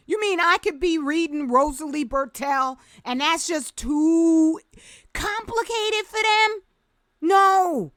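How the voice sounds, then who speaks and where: High-voiced, fiery woman ranting. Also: fairly bright tone, dry recording, studio quality. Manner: passionate, emphatic, sarcastic. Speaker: vlogger. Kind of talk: impassioned commentary rant.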